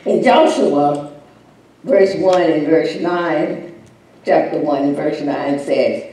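A woman preacher delivering a sermon, emphatic and building to loud, fervent peaks. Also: low voice, slow pace. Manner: emphatic, swelling to loud climaxes. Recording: echoey room, distant mic.

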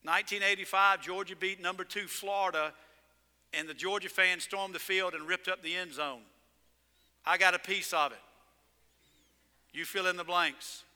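A male pastor preaching a sermon in a church, telling stories in an animated way and hitting words with sudden loud emphasis. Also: high-pitched, moderate pace, long pauses, smooth. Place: church sanctuary. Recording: long reverb in a church sanctuary.

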